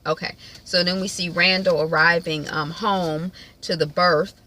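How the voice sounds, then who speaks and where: Woman, casual TV recap, chatty, lowish bright voice. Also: steady tone. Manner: chatty, many fillers, quick impressions of characters. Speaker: TV recap vlogger.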